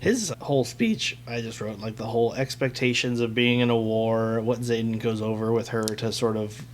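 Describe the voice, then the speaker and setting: A man's voice: medium pitch, moderate pace, a little hiss or hum. A man co-hosting a book club podcast, chatting casually, laughing often and acting out quotes. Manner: laughing, animated, acts out quotes. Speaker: podcast co-host.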